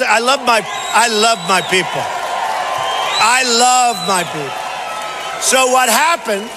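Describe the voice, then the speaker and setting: A man's voice: very high voice, pushed and bright. A man giving a campaign rally speech as a candidate, boastful and repetitive in punchy bursts. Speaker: political candidate. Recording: reverberant hall, faint background noise.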